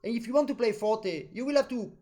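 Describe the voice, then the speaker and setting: A man coaching an accordion student in a lesson, a native French speaker talking in animated, non-native English and humming musical phrases. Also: very high voice, fast talker. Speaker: accordion teacher. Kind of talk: masterclass coaching.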